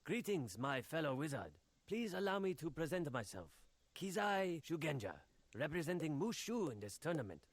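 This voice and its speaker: A man's voice: a little high, big pitch swings, moderate pace, no echo. An actor playing a formal, courteous male wizard competitor in a video game, speaking stately and old-fashioned. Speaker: game character. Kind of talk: video game character dialogue.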